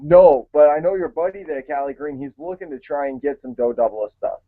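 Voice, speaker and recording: A man hosts a loose conversation, speaking hesitantly with small fillers and restarts. His voice sits slightly high. The sound is thin and tinny, like a phone line. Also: expressive, a little fast. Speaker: show host. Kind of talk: casual chat.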